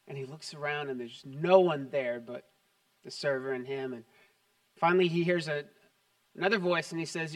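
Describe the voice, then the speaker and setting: A man's voice: on the high side, moderate pace, long pauses, recorded from a distance. A man preaching a sermon to his church, upbeat and conversational, mixing jokes with scripture. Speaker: pastor. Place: church sanctuary.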